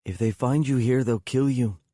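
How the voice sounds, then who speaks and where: A man's voice: medium pitch, moderate pace, dark tone, no room sound, clean studio sound, voice pushed up, close to an everyday voice. A man voicing a young woman, tearful and defiant, in an audiobook. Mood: pleading. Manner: raised, pleading.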